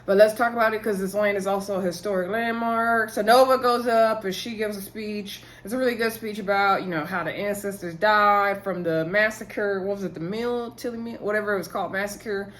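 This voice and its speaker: Woman doing a tv recap, animated, acts out the quotes, laughs a lot, medium voice. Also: mid-range voice, brisk, hardly any pauses. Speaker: recap host. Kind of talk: casual TV episode recap.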